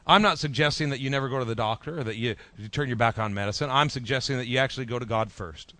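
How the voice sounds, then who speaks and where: A man preaching a sermon as pastor, in a rhythmic style that drops soft at phrase ends and leads the congregation in repeating lines. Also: mid-range voice, quick pace. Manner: leads congregation in call-and-response.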